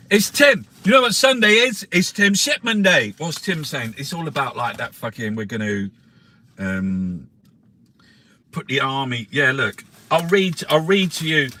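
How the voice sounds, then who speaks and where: A man hosting a casual newspaper review. He swears constantly, rambles with lots of restarts and fillers, and reads headlines out louder. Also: a little hiss or hum. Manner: louder and higher when reading headlines. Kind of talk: casual live-stream chat, reading headlines aloud.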